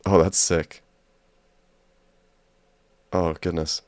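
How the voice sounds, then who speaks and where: A man's voice: low voice, level tone, extremely slow, a little mellow, clear, resonant tone, no room sound. A man giving jokey, sarcastic let's play commentary as a gaming YouTuber.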